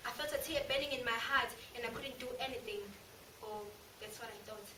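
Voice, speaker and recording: A woman's voice: a little high, fairly quick, close to an everyday voice. A woman playing a guilt-haunted witness. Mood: anguished. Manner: anguished, confessional, swinging from hushed to loud. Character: remorseful woman haunted by a mob killing. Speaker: drama student. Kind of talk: stage monologue performance. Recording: echoey room, from far off, noisy.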